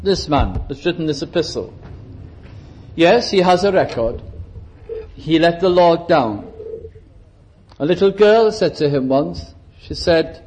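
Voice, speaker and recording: High-voiced preacher with dramatic delivery. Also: male voice, expressive, a little slow, long pauses, darkish tone, low-quality recording. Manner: dramatic, varies pitch and pace for emphasis, acts out quotes. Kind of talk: sermon.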